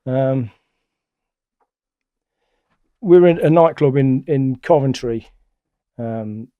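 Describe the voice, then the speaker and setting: A middle-aged man, a guest telling stories in a blunt, colloquial, animated way. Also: mid-range voice, slow, smooth, no echo, phone-quality sound. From England. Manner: blunt, colloquial, animated retelling with acted-out quotes. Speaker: interview guest. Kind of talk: casual storytelling.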